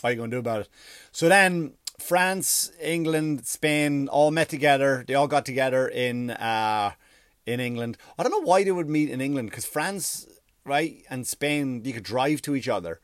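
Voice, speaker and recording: A man from Ireland, telling a rambling, profane mock history with deadpan jokes and silly put-on voices. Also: medium pitch, unhurried, dry recording, clean studio sound. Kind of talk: comedic storytelling monologue.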